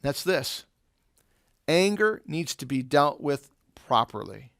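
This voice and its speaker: A man's voice: a little high, very animated, slow pace, vocal fry, fairly bright tone, no echo, studio quality. A man teaching an eighth-grade Bible lesson in a conversational way, explaining with everyday examples and asking rhetorical questions.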